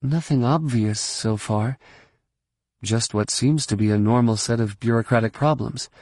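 A man's voice: mid-range voice, unhurried, darkish tone, no room sound, close to an everyday voice. A man puts on a resolute woman starship pilot, lifting his voice into a lighter register for her. She speaks in clipped, decisive lines, read close and dry for a science fiction audiobook. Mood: thoughtful.

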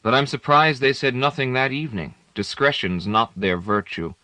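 A tormented young male poet pours out his feelings with fierce, impassioned intensity, as a man reads him aloud. His voice sits noticeably higher and louder than the surrounding narration. The sound is dry and close. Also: expressive, moderate pace, no echo. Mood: anguished. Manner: impassioned, rising to tearful.

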